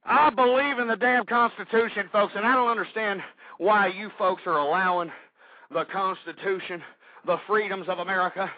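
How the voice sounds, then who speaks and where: Ranting talk radio host, tinny audio. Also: male voice, sits high, steady tone, normal speed, no echo. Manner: angry, shouting, repeatedly addressing "folks". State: breathing hard.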